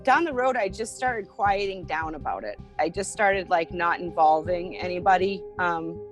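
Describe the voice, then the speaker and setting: A woman's voice: lowish voice, moderate pace, poor audio. A woman being interviewed, recounting a personal ordeal in an earnest way, with frequent fillers. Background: music.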